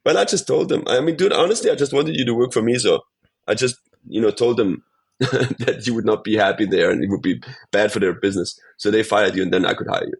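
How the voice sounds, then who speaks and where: Husky Austrian man telling a story. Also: on the low side, brisk. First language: German. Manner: animated storyteller, swears casually, says dude a lot. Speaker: podcast guest. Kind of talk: casual storytelling interview.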